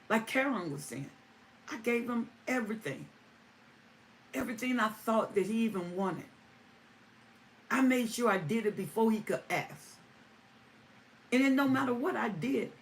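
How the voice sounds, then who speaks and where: Slow, emphatic woman on a livestream. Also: fairly high pitch. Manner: emphatic, repeating lines for stress. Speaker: livestream host. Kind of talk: live chat reading viewer comments. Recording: distant mic with faint ambient noise.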